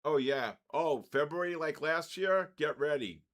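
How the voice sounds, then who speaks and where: An older man hosting a live trading stream, giving excitable market commentary, greeting viewers and stumbling over his words. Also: fairly high pitch, unhurried.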